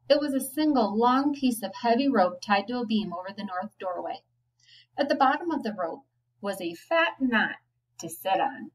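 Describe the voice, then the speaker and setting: A woman, a teacher, reading a children's novel aloud, giving the children's lines a lively lift. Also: on the high side, far from the mic, low-quality recording. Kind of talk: storybook read-aloud.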